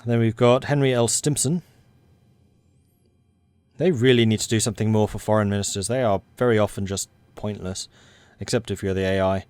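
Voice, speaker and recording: An excitable young Englishman rambling through commentary on a strategy game he is playing. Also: on the low side, fairly quick, clear, resonant tone, dry recording. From England. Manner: excitable and rambling, self-described hyper. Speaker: let's play host. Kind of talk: gaming commentary.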